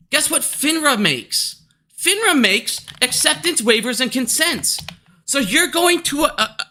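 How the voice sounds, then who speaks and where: Heated, high-pitched profane man ranting. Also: sharp tone. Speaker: stock market commentator. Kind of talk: angry ranting vlog.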